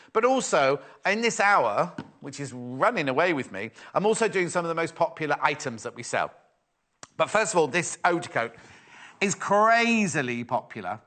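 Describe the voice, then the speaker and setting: A man hosting a live television sewing show, chatting playfully and reading viewers' messages aloud. His pitch sits a touch high for a man and swings widely, so his talk sounds animated and bouncy. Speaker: shopping channel presenter. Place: TV studio.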